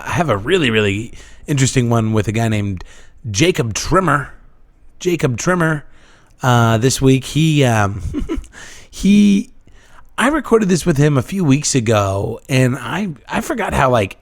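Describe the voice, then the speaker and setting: A hoarse man with a worn-out voice hosts a relaxed podcast, rambling through his thoughts with plenty of ums and restarts. His voice is recorded very dry, with no room sound at all. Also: medium pitch, a little slow, no echo. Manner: rambling, many restarts and fillers. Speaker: podcast host. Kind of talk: casual podcast chat. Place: living room.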